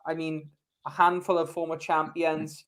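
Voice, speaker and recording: A man's voice: a little high, monotone, normal speed, fairly bright tone. Enthusiastic man hosting a podcast. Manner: enthusiastic, leads the discussion. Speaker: podcast host. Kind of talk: casual podcast chat.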